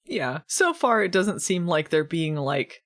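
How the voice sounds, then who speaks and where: A woman's voice: lowish voice, very animated, unhurried, a bit bright. A woman hosting a podcast, recapping a TV episode in casual chat with a wry, sarcastic manner, acting out the characters' lines.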